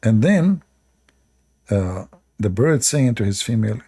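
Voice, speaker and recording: A man's voice: on the low side, very animated, measured pace, mellow, slightly rough. A man giving sarcastic commentary while reading religious stories aloud, often laughing at them. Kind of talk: mocking commentary on religious texts.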